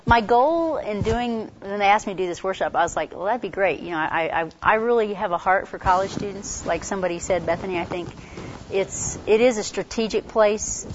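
A woman's voice: mid-range voice, a little hiss or hum. Congested woman giving a chatty talk. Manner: chatty, quick, many fillers and restarts. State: congested from a cold. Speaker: workshop speaker on campus ministry. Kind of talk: casual workshop talk. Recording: dull lo-fi recording.

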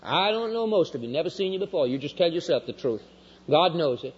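A man preaching a sermon with passion, his voice rising high and loud and then dropping low and quiet. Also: lively intonation, fairly quick, husky. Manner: impassioned preaching, swinging from loud highs to low quiet lines. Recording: dull lo-fi recording in a reverberant hall.

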